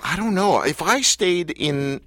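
A man's voice: high-pitched, animated, a little slow, a bit bright, dry recording. A man hosting an interview, joking and self-deprecating with rambling questions. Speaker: interview host. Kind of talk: casual interview chat.

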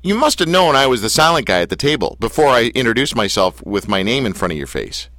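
A radio host runs a casual interview show, talking fast and very animatedly in a medium-pitched, slightly bright voice with no echo. Playful and rambling, he spins stories and teases his guest.

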